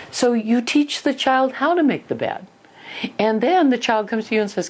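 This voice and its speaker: An older woman giving a spoken lesson to parents, talking in an animated way and acting out little parent and child exchanges. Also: on the high side, moderate pace. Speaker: parenting educator.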